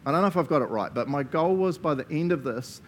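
A man's voice: a little high, lively intonation, quick pace, a little hiss or hum. A man with a New Zealand accent preaching a casual sermon, joking and often laughing as he talks.

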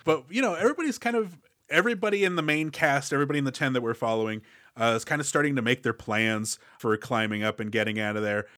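A man's voice: mid-range voice, fairly bright tone, dry recording, clean studio sound. Sarcastic man co-hosting a movie podcast. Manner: opinionated and sarcastic, with quick aside impressions. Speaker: podcast co-host. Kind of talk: casual movie review banter.

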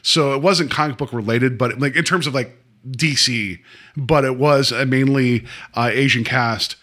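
Man, podcast co-host, bright voice, rambling casual delivery. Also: mid-range voice, normal speed. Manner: rambling, laughs often, trails off. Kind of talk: casual TV review chat.

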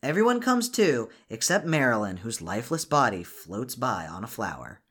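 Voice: medium pitch, sing-song, moderate pace, fairly bright tone, slightly rough. Wry podcast host recapping a movie. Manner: wry, sarcastic recapping with frequent laughs. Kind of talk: casual movie recap chat.

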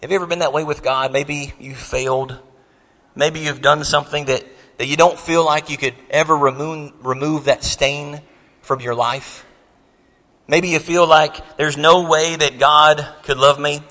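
A man's voice: on the high side, steady tone, normal speed, fairly bright tone, big-room sound. A man in his thirties preaching a sermon, telling a story in an earnest way with many restarts. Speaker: pastor.

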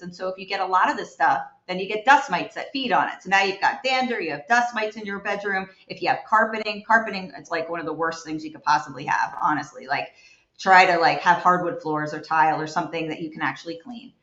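A woman, a home environmental investigator, telling stories as a guest in an animated, chatty way with many fillers. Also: on the low side, fairly quick. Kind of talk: guest storytelling in a chat. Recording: roomy, dull lo-fi sound.

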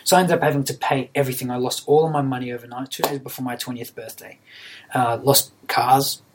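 A young man, a podcast guest telling his story in an earnest, halting way, often repeating words. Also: medium pitch, fairly even intonation, background noise. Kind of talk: casual storytelling.

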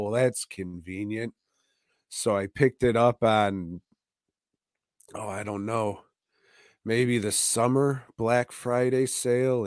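A man co-hosting a podcast, telling a movie's story in a wry, profane, unhurried way. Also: lowish voice, dry recording, clean studio sound. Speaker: podcast co-host. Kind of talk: casual movie review chat.

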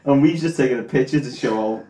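A man, co-hosting a podcast with jokes, quick laughs and chiming-in banter. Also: mid-range voice, mellow. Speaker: podcast co-host. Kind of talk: casual banter. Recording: roomy, distant mic.

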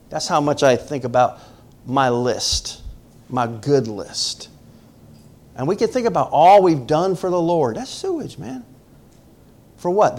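With a fairly high pitch and darkish tone, a middle-aged man from the northern US preaches a conversational sermon. He is emphatic, addressing the congregation directly and often asking them questions.

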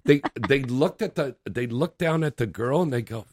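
A man's voice: mid-range voice, expressive, moderate pace, dry recording. A man hosting a late-night talk radio show, chatty, brash and joking with callers.

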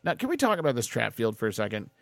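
A man's voice: medium pitch, very fast, gravelly, dry recording. A middle-aged man in a casual podcast chat, with a voice that swings up and down with plenty of expression. He reads plot points aloud, then breaks off to joke about them and laughs easily. The sound is dry and close. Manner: animated, joking, laughs often. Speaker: podcast host. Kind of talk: casual chat recapping a film.

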